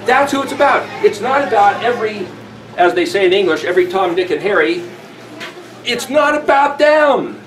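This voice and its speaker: A man's voice: high-pitched, lively intonation, normal speed, fairly bright tone. A man teaching scripture, reading verses aloud and then explaining them in a conversational way. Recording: roomy with faint background noise.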